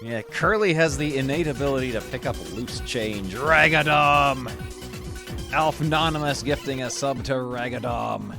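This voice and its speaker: A man's voice: medium pitch, normal speed, creaky, few pauses. Male streamer talking over game music. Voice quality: amused, chatty, thanks gifted subs. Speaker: livestreamer playing a game. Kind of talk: casual game commentary.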